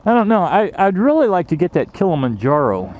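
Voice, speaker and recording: A man's voice: sits high, very animated, brisk, a little mellow, a little hiss or hum. A man casually reviewing his riding gear, rambling with lots of fillers and restarts and some swearing.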